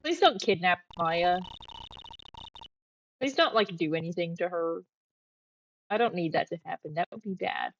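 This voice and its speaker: A woman's voice: lowish voice, lively intonation, moderate pace, long pauses, a little hiss or hum. A woman streaming a game playthrough, chatting and reacting aloud. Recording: dull lo-fi audio. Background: game music.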